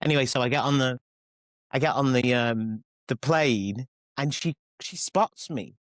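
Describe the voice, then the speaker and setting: A man's voice: mid-range voice, measured pace, a bit bright, no room sound. A man in his forties with a Mancunian accent, a guest telling candid, self-deprecating stories in an interview. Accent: Mancunian English. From England. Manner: rambling, self-deprecating, with frequent restarts and acted-out quotes. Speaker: guest, pop singer and author.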